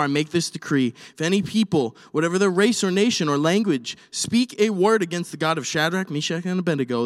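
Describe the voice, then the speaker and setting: A man preaching a sermon and reading scripture aloud, animated, swinging from quiet asides to loud, shouted lines. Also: mid-range voice. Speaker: pastor. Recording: reverberant hall.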